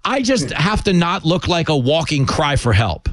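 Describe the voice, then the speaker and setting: Fast-joking man hosting talk radio. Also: a little high, big pitch swings, fairly bright tone, dry recording. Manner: quick, self-mocking and jokey. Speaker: radio talk show host. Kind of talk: comic talk radio chat.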